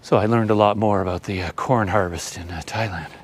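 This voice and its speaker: Breathless man, rambling and self-deprecating, low voice, hiking outdoors and filming himself. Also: brisk, slight background noise. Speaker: travel vlogger. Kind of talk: casual vlog talk while hiking. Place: outdoors on a hill trail. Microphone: handheld camera.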